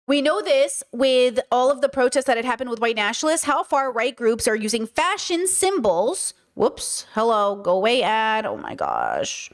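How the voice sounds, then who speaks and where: A woman hosting a commentary livestream, talking emphatically and asking her audience rhetorical questions. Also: sits high. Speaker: streamer host.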